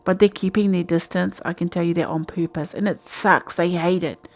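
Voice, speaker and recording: A woman's voice: fairly low pitch, steady tone, moderate pace, darkish tone. A woman giving a casual, rambling tarot reading from home at night, talking in a chatty, intuitive way. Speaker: tarot reader.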